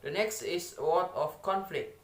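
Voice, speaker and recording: A man with an Indonesian accent presenting an English lesson on word stress, halting with many fillers and repeating each example word. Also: high voice, fairly bright tone. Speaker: student presenter. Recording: echoey room with faint ambience.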